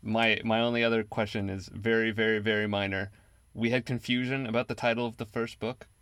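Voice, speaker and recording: A man's voice: on the low side, level tone, a little fast, a bit bright, smooth, no echo. Hesitant man, dry close sound. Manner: hesitant, repeats words, laid-back. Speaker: book club podcast member. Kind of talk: casual chat.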